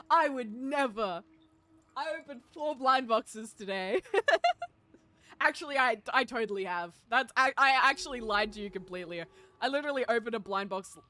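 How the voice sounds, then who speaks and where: A man's voice: very high voice, fairly quick, pushed and bright, no room sound. A young man streaming a game, chatting casually with his viewers in a giggly, teasing way. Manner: giggly, playful teasing of chat. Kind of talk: casual game livestream chat.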